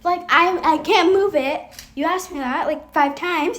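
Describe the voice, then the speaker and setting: A woman's voice: very high voice, measured pace, noisy background. A young woman telling a rambling storytime, with lots of fillers and frequent laughs. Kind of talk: casual storytime vlog.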